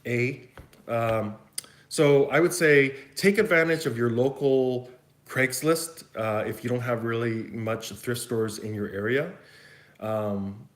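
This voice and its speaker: A man from Vancouver with a West Coast Canadian accent, answering viewer questions in a casual, rambling live chat. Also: medium pitch. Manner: rambling, chatty, thinks aloud. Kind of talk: casual livestream Q&A. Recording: echoey room.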